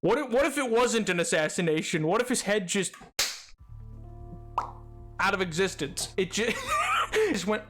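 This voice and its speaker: A man's voice: high-pitched, animated, a bit bright, soft background music. A man streaming a game, chatting casually and rambling off on tangents, often breaking into laughter. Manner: rambling and digressive, quick to laugh. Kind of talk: casual live-stream chat while gaming.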